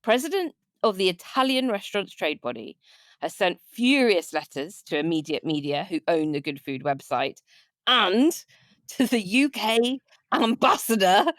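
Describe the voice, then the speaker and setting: A woman's voice: medium pitch, lively intonation, moderate pace, fairly bright tone, dry recording. A woman co-hosting a podcast, reading out news and chatting with easy laughter on a close mic. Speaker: podcast co-host. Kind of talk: casual news chat.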